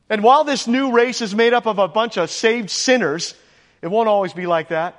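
High-voiced emphatic pastor in an echoey hall. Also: male voice, normal speed. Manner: emphatic, rises for stress, asks the congregation questions. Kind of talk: sermon. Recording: echoey church hall with long reverb.

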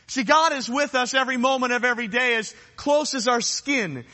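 A man preaches with a very high, bright voice that rings through a reverberant hall. He is earnest and emphatic, driving his points home by repeating phrases. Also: brisk. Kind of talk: sermon.

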